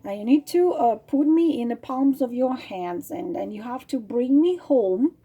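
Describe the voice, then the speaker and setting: A woman's voice: a little high, expressive, a little slow, mellow, breathy edge, muffled recording, exaggerated voice. A woman voicing a boastful enchanted male frog king who promises riches and then gives orders. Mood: commanding. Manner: grandiose, demanding, promises then commands.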